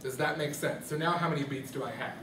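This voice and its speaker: A man's voice: a little high, fairly even intonation, fast talker, recorded from a distance, noisy background. Man teaching rhythm in an echoey classroom. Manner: questioning, checks understanding often. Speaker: music teacher.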